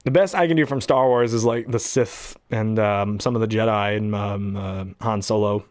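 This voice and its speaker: A man's voice: fairly low pitch, moderate pace, darkish tone, dry recording, studio quality. Rambling, chuckling young man. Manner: rambling, chuckling, self-deprecating. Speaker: hobby voice actor. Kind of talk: casual chat about voices and impressions.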